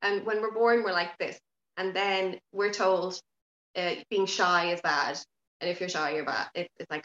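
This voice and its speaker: A woman talking as a podcast guest in casual interview chat, frank and lively, swearing now and then. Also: fairly low pitch, measured pace, echoey room, muffled recording. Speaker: podcast guest, yoga teacher.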